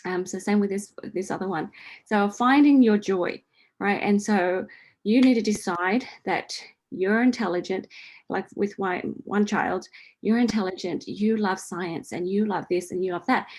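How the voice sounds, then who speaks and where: Woman, forties, friendly coach answering a listener, chatty with a steady "right?". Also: mid-range voice, a little slow. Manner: chatty, repeats "right?" often, laughs lightly. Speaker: host answering a listener's question. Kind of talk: casual spiritual coaching talk.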